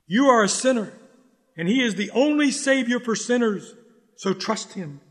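Urgent high-voiced man preaching in a hall. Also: a bit bright. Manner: urgent, exhorting, repeats key lines slowly for stress. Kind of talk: sermon.

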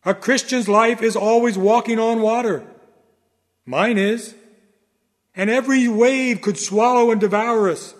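A man preaching a sermon in a dramatic oratorical manner, swinging from loud declarations to hushed low lines. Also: fairly even intonation, measured pace, long reverb tail.

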